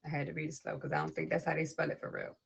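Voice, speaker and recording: A woman's voice: sits low, little pitch movement, very fast, gravelly, husky, low-quality recording. A woman hosting a poetry livestream who reads a spoken word piece and then chats casually, greeting viewers and people passing by name. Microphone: tablet device.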